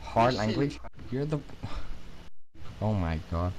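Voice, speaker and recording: A man's voice: on the low side, expressive, slow, background noise. A man with an Irish accent arguing heatedly in a voice chat, swearing and exasperated. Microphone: voice chat microphone.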